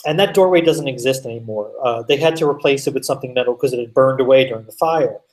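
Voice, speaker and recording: Animated man telling a story, mic distant. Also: mid-range voice, quick pace. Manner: animated, swears, lots of fillers. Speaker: podcast guest. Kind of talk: casual storytelling.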